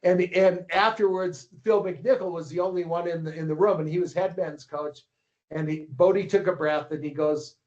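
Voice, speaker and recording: A man's voice: high-pitched, steady tone, moderate pace, darkish tone. Older man telling rambling stories, muffled. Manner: rambling, repeats words, acts out quoted dialogue. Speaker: podcast guest, ski racing coach and publisher. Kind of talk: anecdotal storytelling. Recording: slightly muffled lo-fi podcast audio.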